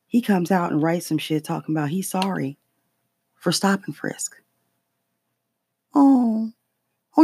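A podcast host in a casual political rant, talking in a profane, heated, emphatic way with sudden leaps in pitch when outraged. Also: no echo, clean studio sound.

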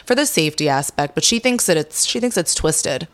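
A young woman speaking frankly as an interview guest, retelling conversations with lively energy. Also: low-pitched, fairly quick. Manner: frank, animated when retelling talks.

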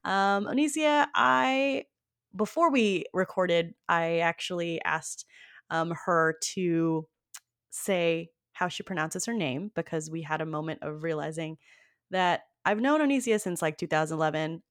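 Woman host chatting on a podcast, kinda low voice, dry and close mic, says um a lot. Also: unhurried, fairly bright tone, dry recording. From Filipino family. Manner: chatty, laughs easily, many fillers. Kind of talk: casual podcast chat.

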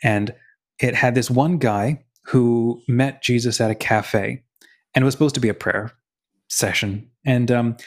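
Male podcast co-host, mid-pitched, casual storyteller who acts out quotes. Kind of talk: casual conversation on faith.

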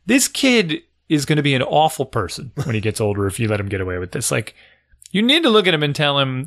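A man's voice: on the high side, fast. A man chatting casually about coaching kids' sports, acting out the kids and coaches in his stories. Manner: animated storytelling, acts out kids and coaches. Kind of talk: casual chat.

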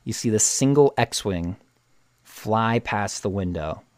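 A man casually retelling a TV episode with excitement, often restarting and repeating words. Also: fairly low pitch, slow pace, no room sound, studio quality. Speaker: show recap host.

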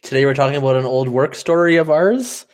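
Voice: medium pitch, brisk, a little mellow. A podcast co-host from Canada who chimes in with jokes in a casual, playful way. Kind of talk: casual chat.

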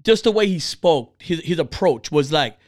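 A man's voice: a little high, lively intonation, normal speed, dry recording, studio quality. A man chatting casually, telling a candid, rambling story full of restarts and asides.

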